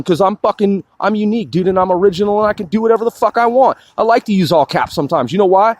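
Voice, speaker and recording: A man's voice: high voice, quick pace, few pauses, dry recording. A man ranting in a profane, combative and boastful monologue, peppering his speech with "dude". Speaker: crowdfunding campaigner.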